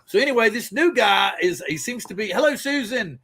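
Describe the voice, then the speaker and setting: A man's voice: high-pitched, expressive, brisk, pushed and bright. A man hosting a casual live stream, rambling loosely and greeting viewers by name. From Pacific Northwest. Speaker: livestream host.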